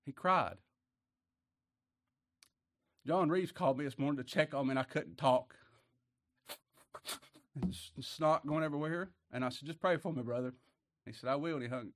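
An older man preaching a sermon, swinging from hushed words to loud emphatic passages. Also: fairly high pitch, no room sound, clean studio sound. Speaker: pastor.

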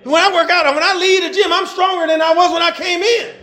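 A man's voice: very high voice, fairly even intonation, fairly quick, pushed and bright. A man preaching a sermon, fervent and calling out to the congregation, stretching out scripture readings and breaking into chuckling asides.

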